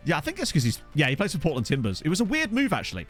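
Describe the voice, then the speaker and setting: Animated man streaming a football game. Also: fairly high pitch, racing, soft background music. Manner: animated, laughs often, chats with viewers. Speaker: gaming streamer. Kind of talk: casual live-stream commentary. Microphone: USB desk microphone.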